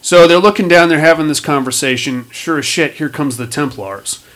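A man's voice: fairly high pitch, normal speed. A man casually recapping a film plot with lots of swearing, acting out lines from the story. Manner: animated, swearing, acting out quotes. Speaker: podcast host recapping a film. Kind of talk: casual profane movie recap chat.

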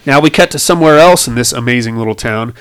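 A man's voice: medium pitch, fast, a bit bright, clean tone. A young man casually recapping a movie on a podcast, joking crudely and laughing often. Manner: joking, laughs often, acts out quoted lines.

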